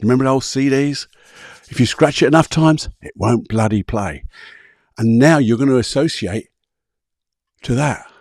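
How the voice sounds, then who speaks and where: A man's voice: mid-range voice, normal speed, long pauses, darkish tone, dry recording, clean studio sound. A man, a podcast host and coach talking listeners through guided visualisation exercises in a casual way, step by step.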